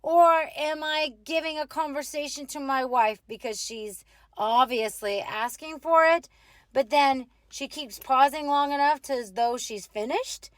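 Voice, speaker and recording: High-voiced woman giving blunt advice. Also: measured pace, dry recording. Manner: opinionated, animated, acts out quotes. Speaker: host. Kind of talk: casual advice monologue.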